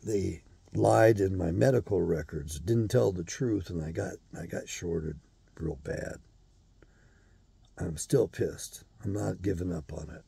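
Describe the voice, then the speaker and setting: A man's voice: sits low, slow, gravelly, warm tone, husky, no room sound. An older man hosting his own show, delivering a blunt, profane, angry monologue. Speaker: show host.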